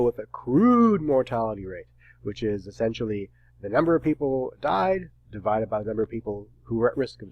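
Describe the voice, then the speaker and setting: Wry, brisk male professor, dry close sound. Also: fairly low pitch, darkish tone, no echo, muffled recording. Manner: brisk, wry and a little terse. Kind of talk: recorded lecture.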